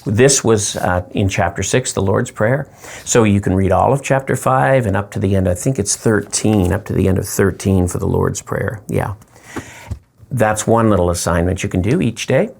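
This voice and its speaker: A man, a pastor, giving a short, friendly devotional teaching talk, slowing down to stress words. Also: lowish voice, gravelly, a little mellow.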